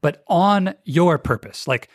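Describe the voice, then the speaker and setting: A man's voice: a little high, animated, slow pace, no echo, clean studio sound. A man being interviewed on a podcast, talking with energy and acting out the voices he quotes. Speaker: guest.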